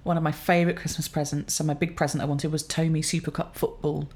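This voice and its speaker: Lowish-voiced woman reminiscing. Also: level tone, quick pace, a little mellow. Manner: rambling, self-amused storytelling with fillers. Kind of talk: casual chat.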